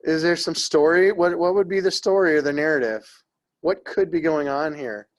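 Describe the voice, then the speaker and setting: A man's voice: on the high side, moderate pace. A middle-aged man teaching an art history class in a classroom, rambling and joking as he talks. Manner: rambling, conversational, jokey.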